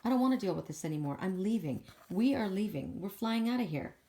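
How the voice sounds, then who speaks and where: A woman's voice: medium pitch, lively intonation, a little fast, warm tone, slight background noise, lightly acted. A woman speaking as a fearless female warrior on a dragon, scoffing at her attackers and holding firm. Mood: resolute. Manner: defiant, scoffing, self-assured.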